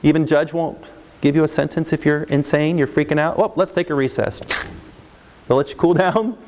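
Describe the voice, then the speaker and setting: A middle-aged man, a counselor giving a parenting talk to a live audience, lively and acting out parents and kids. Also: a little high, moderate pace, slight background noise. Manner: animated, acts out parents and kids in raised voices. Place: large hall with live audience. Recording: long reverb of a large hall.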